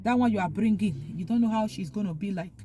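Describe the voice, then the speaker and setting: A woman's voice: medium pitch, fast talker, mellow, a little hiss or hum. A woman vlogger talking earnestly, giving heartfelt advice and repeating her points for emphasis. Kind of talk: casual opinion monologue.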